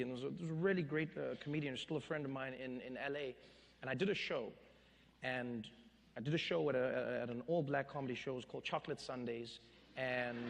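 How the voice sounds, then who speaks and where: A man in his thirties, an interview guest telling stories on stage, animated and laughing as he acts out quotes. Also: fairly high pitch, vocal fry, long reverb tail. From South Africa. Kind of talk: storytelling in a public interview. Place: stage in an event hall.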